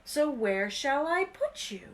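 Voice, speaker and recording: A woman voicing a wise old talking magic hat that ponders slowly and draws out its words. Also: high-pitched, sing-song, voice pushed up, heavily acted. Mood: pondering. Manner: slow, drawn-out pondering.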